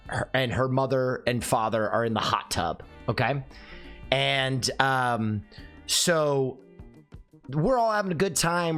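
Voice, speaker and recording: A young adult man telling a comic story in a lively way, acting out the dialogue. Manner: lively, acts out dialogue with swinging pitch.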